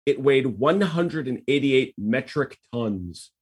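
A man's voice: medium pitch, lively intonation, slow pace, slightly rough. A man co-hosting a casual podcast, reading history facts aloud and breaking off into asides. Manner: reads facts aloud, then riffs with asides. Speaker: podcast co-host.

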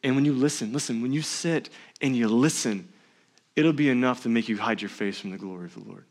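Man preaching with dramatic loud-soft swings. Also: mid-range voice, a little fast. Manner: preaching with dramatic swings between loud emphasis and near-whisper. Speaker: pastor. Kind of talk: sermon. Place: church.

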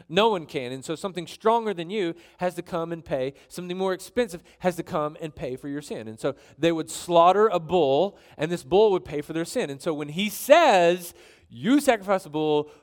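A man preaching a sermon in an animated, joking way, reading scripture aloud between his asides. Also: fairly high pitch, moderate pace. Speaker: pastor.

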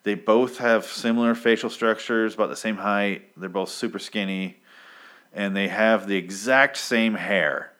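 A man casually recapping a comic, rambling and swearing, and breaking into animated quotes of the characters. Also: on the low side, a little slow. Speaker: comic book reviewer.

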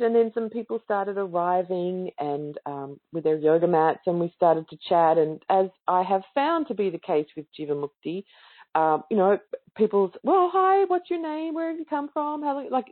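A woman telling a casual, enthusiastic story about a yoga class in a chatty way, and she acts out the other people's lines. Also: on the low side. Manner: chatty and enthusiastic, acting out quoted voices. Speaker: yoga student speaking to yoga teachers. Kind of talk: casual spoken anecdote. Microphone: online call or webinar audio. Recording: narrow phone-like sound.

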